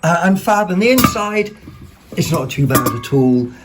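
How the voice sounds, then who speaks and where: A man hosting a vlog, chatting casually about second-hand finds in a rambling, excitable way, full of ums and self-corrections. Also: sits high, normal speed, heavy background noise. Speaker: vlog host.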